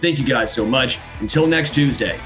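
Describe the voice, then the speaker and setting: A man co-hosting a podcast in casual chat, given to heated, animated rants that rise to shouting. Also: medium pitch, normal speed, over music. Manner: animated ranting, rising to shouts. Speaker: podcast co-host.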